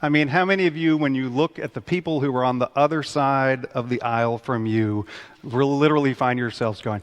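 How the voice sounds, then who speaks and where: A man preaching a conversational sermon in a church, animated and acting out people's outbursts. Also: mid-range voice, a little fast. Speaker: pastor. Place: church sanctuary. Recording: long church reverb.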